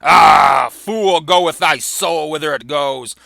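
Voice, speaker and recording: A man's voice: on the high side, slow, vocal fry, sharp tone, no room sound, full character voice. A man reading the lines of a fierce Scottish warrior lord in a Shakespeare play, raising his voice. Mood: scornful.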